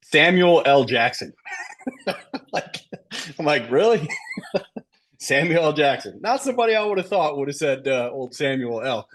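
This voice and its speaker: A man's voice: on the high side, animated, measured pace, pauses often, fairly bright tone. A middle-aged man coaching a sales team, talking emphatically and often checking in with "right?". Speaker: sales trainer. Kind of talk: sales training talk to a team.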